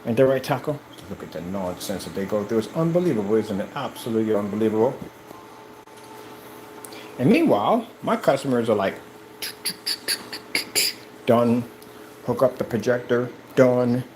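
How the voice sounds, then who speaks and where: An animated man pitching his product on camera, his pitch leaping up and down as he lectures viewers. He sounds like a preachy home-video salesman, with a faint hum of room noise behind him. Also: fairly quick, low-quality recording. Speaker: product seller and presenter. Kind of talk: excited product demo vlog. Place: indoor room with projector and screen.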